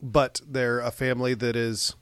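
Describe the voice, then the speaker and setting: A man's voice: mid-range voice, level tone, moderate pace, fairly bright tone, clear, resonant tone, dry recording. A man co-hosting a podcast, recapping a film plot in a rambling, hesitant casual chat. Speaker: podcast co-host. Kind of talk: casual movie discussion.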